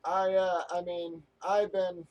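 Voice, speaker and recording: A man with a high voice vents on his live stream, talking straight to his viewers. He is angry, swears freely, and rambles, breaking off and restarting his sentences. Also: flat delivery, takes it slowly, a little mellow, muffled recording. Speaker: live stream host breaking sports card boxes.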